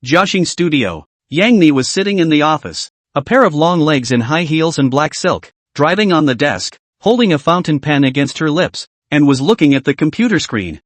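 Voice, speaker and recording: A man's voice: on the high side, lively intonation, normal speed, few pauses, no echo. A man narrating a web comic recap, telling the story steadily with asides to viewers.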